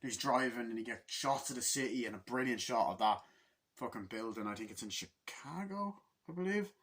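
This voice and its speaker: A man's voice: medium pitch, expressive, brisk, a bit bright, breathy edge. A man giving a casual, rambling movie review, swearing constantly and acting out scenes in quoted voices.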